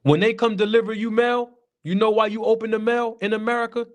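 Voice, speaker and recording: A man's voice: sits high, fairly even intonation, fairly quick. A man giving casual livestream commentary, chatty and repetitive, talking to his chat viewers. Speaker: boxing commentary streamer.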